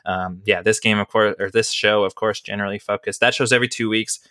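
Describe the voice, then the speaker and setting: A man's voice: on the low side, steady tone, fast talker, bright, forceful tone, no echo, studio quality. A man hosting a podcast, chatting casually and rambling with lots of fillers and laughs. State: has the hiccups. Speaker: podcast host. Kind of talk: casual chat.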